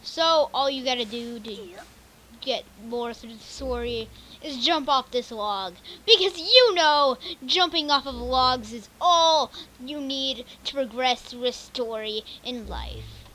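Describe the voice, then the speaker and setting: A woman gives jokey, sarcastic gameplay commentary, narrating the scenes as she goes. Her voice is high and bright, and she talks at an unhurried pace into a cheap mic. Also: animated, a little hiss or hum. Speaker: game streamer.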